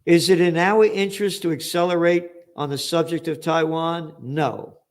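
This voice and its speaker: A man's voice: fairly high pitch, fairly even intonation, normal speed. An older American man hosting an opinionated current-affairs commentary, blunt and profane with sarcastic outbursts. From United States. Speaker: host.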